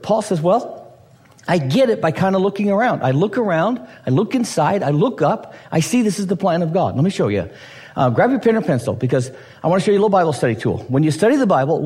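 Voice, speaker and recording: A middle-aged man preaches to a congregation with a lively, swinging pitch. His voice sits a little high for a man. He keeps checking in with his listeners as he teaches. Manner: animated preaching with repeated rhetorical checks. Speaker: pastor. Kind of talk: sermon.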